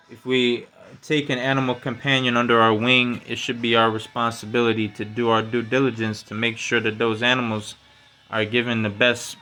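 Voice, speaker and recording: Hosting a solo podcast in a casual style, he speaks in profane slang heavy with "you know" and "man," and his voice climbs loud and high whenever he gets worked up.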